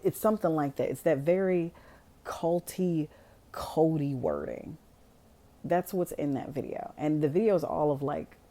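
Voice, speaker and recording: A woman with a low, warm voice recounts a film plot on her podcast. Her delivery swings widely, animated and loose, and she swears freely as she acts out scenes. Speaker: podcast host. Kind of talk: casual movie recap.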